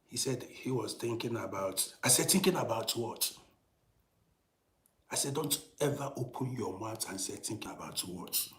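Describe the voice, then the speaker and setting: A middle-aged man telling a personal story in a casual monologue, dropping to hushed whispers and rising to loud, emphatic bursts, often repeating and restarting phrases. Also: fairly low pitch, expressive, normal speed, reverberant. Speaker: storytelling channel host.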